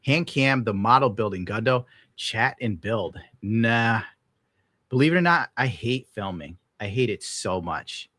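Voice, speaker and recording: Young man, casual host, exasperated, sarcastic, swears a lot, bright voice, animated pitch. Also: unhurried, no echo, studio quality. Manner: exasperated, sarcastic, swears often, bursts into high-pitched outrage. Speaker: podcast host. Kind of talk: casual livestream rant.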